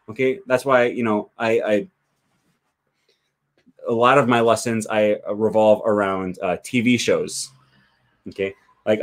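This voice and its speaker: A mid-pitched male language teacher hosts his channel's casual livestream, reading viewer comments. He's chatty and thinks aloud, leaning heavily on fillers like "okay" and "um."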